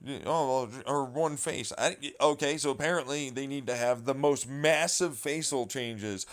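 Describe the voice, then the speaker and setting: A man's voice: medium pitch, moderate pace, few pauses. A man vlogging a rambling, profane, exasperated commentary rant.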